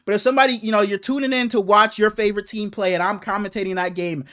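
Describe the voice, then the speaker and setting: A young man with a notably high voice, chatting on a podcast as co-host. He tells stories animatedly and swears a lot, his speech loose and unscripted. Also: quick pace, clean tone. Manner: animated, profane storytelling with acted quotes. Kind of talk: casual chat, storytelling.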